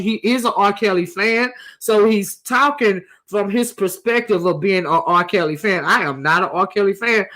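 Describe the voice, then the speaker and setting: Bright, forceful woman gossip host. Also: mid-range voice. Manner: sassy, emphatic, rhetorical questions to viewers. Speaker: commentary channel host. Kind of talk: casual gossip commentary.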